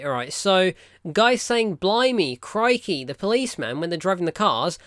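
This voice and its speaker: A man's voice: fairly high pitch, a bit bright, no room sound, clean studio sound. A British man hosting his own film review show, ranting in exasperation and cutting off half-said curses. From United Kingdom. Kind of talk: casual spoken film review.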